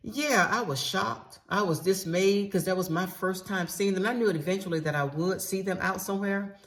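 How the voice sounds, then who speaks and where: A woman's voice: mid-range voice, normal speed. A middle-aged woman telling a personal story in a casual storytime monologue, candid and emphatic with salty slang, talking straight to her listeners. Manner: addresses listeners directly.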